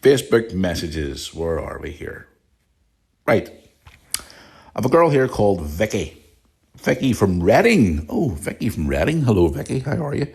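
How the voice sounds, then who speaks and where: Northern irish guy ranting on his podcast, low mellow voice, swears a lot, bit of a sore throat. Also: big pitch swings, normal speed, creaky, long pauses. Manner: blunt, swears, repeats himself. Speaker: podcast host. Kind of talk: solo podcast rant and listener questions.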